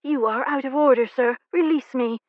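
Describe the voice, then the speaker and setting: A woman voicing a spirited young Regency-era woman who speaks crisply and defiantly. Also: fairly high pitch, normal speed, no echo, narrow, tinny audio, pitched above the performer's own voice, close to an everyday voice. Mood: icy.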